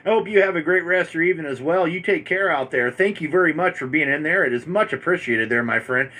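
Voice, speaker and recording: A folksy man from Montana keeps an amateur radio chat rolling, sprinkling "my friend" through his talk. His voice sits a little high with a bright, forceful edge. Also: expressive, fast talker. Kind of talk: casual on-air radio chat.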